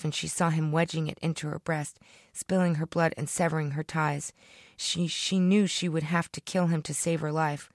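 A woman's voice: low-pitched, no echo. Author narrating her own fiction, dramatic and rhythmic, very dry sound. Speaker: author reading her story. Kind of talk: expressive story reading.

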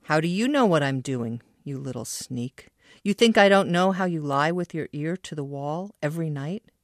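A woman voicing a moody adult aunt who swings between warmth and cruelty, read by the author in her own voice. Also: sits low, expressive, moderate pace, no room sound, studio quality. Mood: bitter.

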